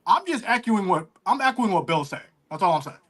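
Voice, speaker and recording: A man's voice: high-pitched, very animated, fairly quick, fairly bright tone. Blunt provocative man on a call. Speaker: panelist. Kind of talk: casual sports chat.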